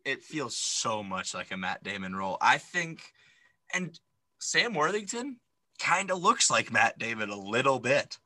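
A man co-hosting a movie podcast, talking in a very bright, forward voice. The sound is close and dry with no room around it. He is opinionated and animated, with plenty of ums and likes. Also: medium pitch, measured pace, dry recording, rough recording. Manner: opinionated, animated, lots of fillers. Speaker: podcast co-host. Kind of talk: casual movie recap chat.

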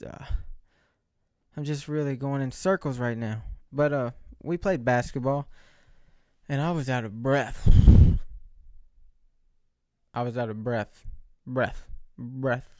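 A man in his late twenties vlogs indoors under bright lights, rambling along in a casual monologue, joking at his own expense and restarting often. His mid-range voice has a darkish tone, and the studio recording is clean with no room sound.

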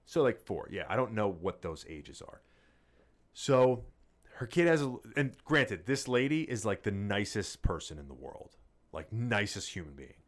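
A man co-hosting a casual podcast chat, telling a profane, animated story. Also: on the low side, measured pace. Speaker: podcast co-host.

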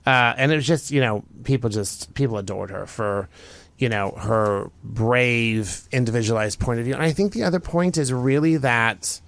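A man's voice: mid-range voice, normal speed, vocal fry, fairly bright tone, no echo. A man co-hosting a fashion podcast, telling stories in a playful, self-congratulatory way. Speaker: podcast co-host. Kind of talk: casual chat.

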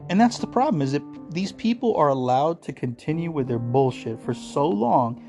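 A man's voice: fairly high pitch, animated, moderate pace, vocal fry, a little mellow, faint music behind. A man from the United States in a casual ranting monologue, profane, sarcastic and combative.

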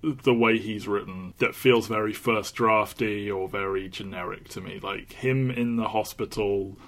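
A man's voice: on the low side, steady tone, a little slow, fairly bright tone. A man co-hosting a film podcast, chatting casually and often restarting his sentences. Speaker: podcast co-host. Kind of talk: casual film review chat.

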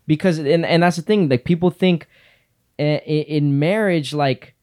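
A man's voice: on the high side, normal speed, darkish tone. A male podcast host in casual faith talk, speaking earnestly about God in a preachy way.

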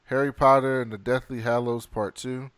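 A man co-hosting a casual movie review chat, reading off a list and adding quick casual opinions. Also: medium pitch, level tone, a bit bright, smooth, dry recording. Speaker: podcast co-host.

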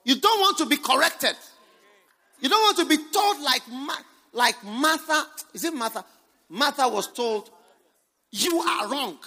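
A man, a bishop preaching a sermon to a congregation, emphatic, with bursts of shouting, laughter and repeated phrases. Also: very high-pitched, expressive, measured pace. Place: church hall with congregation.

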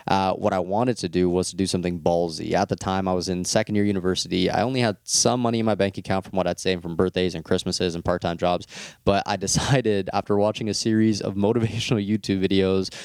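A man with a deep, gravelly voice recounts a personal story in a candid, unpolished way. He swears freely and breaks into little laughs mid-sentence. The sound is close and dry. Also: steady tone, quick pace, a little mellow, no room sound.

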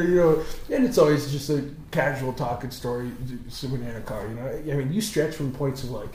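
A man's voice: medium pitch, a little fast, few pauses. A young man co-hosting a podcast, telling crude stories in casual chat and laughing often. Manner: rowdy storyteller, laughs often, bursts loud when laughing. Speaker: podcast co-host. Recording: echoey room with crowd noise.

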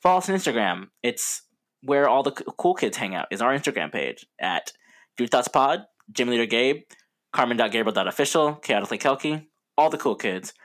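A man's voice: medium pitch, sing-song, brisk, a bit bright. A young man co-hosting a podcast in casual chat, rambling and joking with frequent laughs. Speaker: podcast co-host.

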